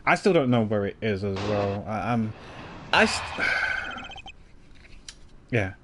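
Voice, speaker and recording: A man's voice: lowish voice, animated, takes it slowly, background noise. A man streaming a video game, chatting casually, rambling and laughing often. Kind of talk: casual chat.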